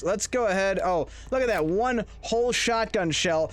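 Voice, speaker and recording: A man's voice: high voice, moderate pace, few pauses. A man streaming a horror game live, rambling and joking as he plays and chatting with his viewers. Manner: rambling, jokey, talks to chat. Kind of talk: casual live-stream commentary.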